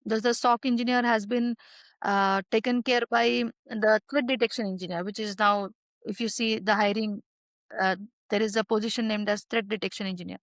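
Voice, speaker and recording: A woman's voice: mid-range voice, fairly even intonation, moderate pace, dry recording. A woman guest expert answering interview questions in a hesitant way, with many fillers and restarts.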